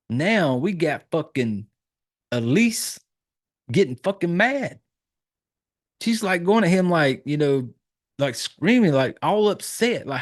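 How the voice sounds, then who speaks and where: A man with a Southern US accent, hosting a podcast and recapping a horror film in casual chat, swearing a lot and acting out the characters' lines as he goes. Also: on the high side. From Southern United States. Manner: profane, animated storytelling with acted-out quotes.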